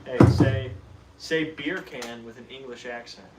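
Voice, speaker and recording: A man's voice: medium pitch, a little slow. A man co-hosting a livestream from a prop workshop, trading crude, teasing banter and swearing freely. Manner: brash, swears freely, laughs at his own jabs. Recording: echoey workshop from far off with loud noise.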